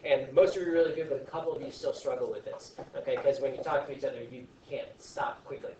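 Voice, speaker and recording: A man teaching a science class, talking in a chatty, joking way with animated asides to his students. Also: mid-range voice, fast, dull audio, a little hiss or hum. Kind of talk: classroom lesson. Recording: echoey classroom from far off.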